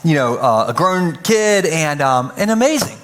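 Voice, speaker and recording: A man's voice: a little high, big pitch swings, a little slow, a bit bright. A man preaching a sermon to a live church audience, playful and jokey, acting out little scenes in funny voices. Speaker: pastor.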